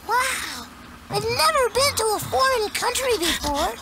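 A man's voice: very high voice, sing-song, slow pace, vocal fry, very noisy, full character voice. An actor playing a silly young cartoon boy who puts on a game-show voice. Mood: goofy. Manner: goofy, game-show announcer bits. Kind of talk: cartoon voice acting.

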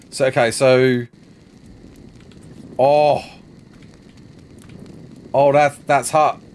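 Very slow and full of pauses, this man's medium-pitched voice is flat and somewhat dark. He's a worn-out gaming streamer rambling through casual live gameplay chat while answering viewers' questions, clearly short on sleep.

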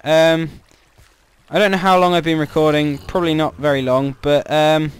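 A man's voice: a little high, flat delivery, normal speed, smooth. A man with a chatty, jokey manner, commenting casually on his own gameplay as a let's-play host and reacting with startled exclamations.

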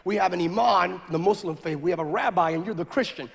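A man preaching a story-driven sermon, animated and rising at times to shouts. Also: sits high, fast, vocal fry. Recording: echoey hall with faint noise.

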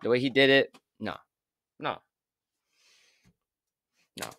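A man's voice: mid-range voice, takes it slowly, bright, forceful tone. A man hosting a music reaction video, getting over a cold, exclaiming and stammering in awe between replays. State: hoarse from a cold. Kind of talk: casual reaction commentary.

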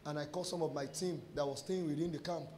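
Nigerian pastor, high voice, preaching testimonies, acts out all the back and forth. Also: male voice, fast. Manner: animated storyteller acting out dialogue; mixes in pidgin phrases. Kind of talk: sermon testimony.

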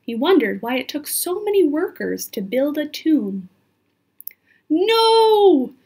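A woman's voice: high voice, very animated, moderate pace, darkish tone. A woman reading a children's book aloud expressively, sometimes turning to talk directly to the listener. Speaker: storyteller.

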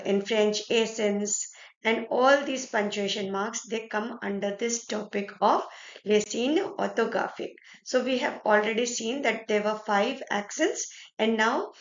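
A woman with an Indian accent teaching a French lesson, explaining step by step and checking in often with "right?" and "okay". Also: mid-range voice. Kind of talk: explaining a French lesson in mixed Hindi and English. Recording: echoey room, dull lo-fi sound.

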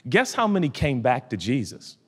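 A man preaching a sermon as pastor, dropping low and quiet, then building to loud shouts. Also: sing-song, moderate pace, slightly rough, long reverb tail.

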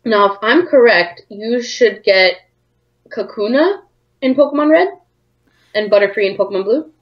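A woman's voice: on the high side, moderate pace, muffled recording. A woman from Canada co-hosting a game playthrough, chatting casually in a playful, teasing way with mock anger. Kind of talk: casual chat.

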